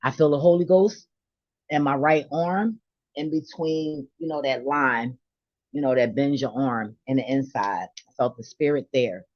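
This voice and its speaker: A woman's voice: very deep voice, measured pace, no room sound, muffled recording. A woman delivering a blunt, profane, preachy rant on faith, confrontational and unfiltered, to her own channel. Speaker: vlogger. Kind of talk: ranting spiritual monologue.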